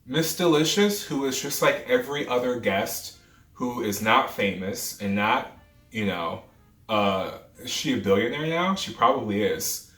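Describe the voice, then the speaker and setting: A man in his twenties, with a medium-pitched, fairly bright voice and lively intonation, speaks a little slowly as he animatedly retells a true story in a storytime vlog. He's dramatic and full of asides. The mic is distant and off-mic, giving a roomy echo, and faint music plays.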